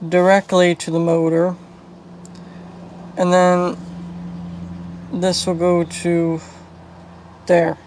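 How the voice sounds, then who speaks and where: Slow low-key woman tinkering and muttering. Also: flat delivery, darkish tone, slight background noise, poor audio. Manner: thinking aloud, low-key, muttering while working. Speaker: video host. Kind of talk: casual DIY repair narration.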